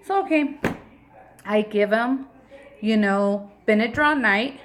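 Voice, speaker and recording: This mother and vlogger, in her thirties, shares a personal story with a measured pace and a mid-range voice. It's a casual, emotional account, and she frequently voices the lines other people said.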